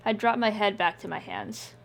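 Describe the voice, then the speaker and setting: A woman reading first-person scripted fiction in a measured, subdued way. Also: medium pitch, creaky, slight background noise. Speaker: audiobook narrator.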